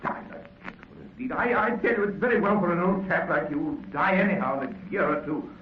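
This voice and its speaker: A dramatic young poet. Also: male voice, on the high side, big pitch swings, fast talker, slight background noise. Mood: agitated. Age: young adult. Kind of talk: 1930s radio drama acting. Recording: muffled, echoey 1930s radio broadcast.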